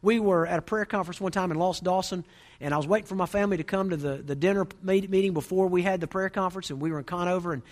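A man's voice: high-pitched, rapid-fire. A man preaching a sermon in an emphatic, rousing way with rhythmic repetition.

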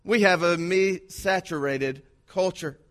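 A man's voice: high voice, slow, fairly bright tone. A man preaching a sermon, acting out dramatic quotes along the way. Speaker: pastor.

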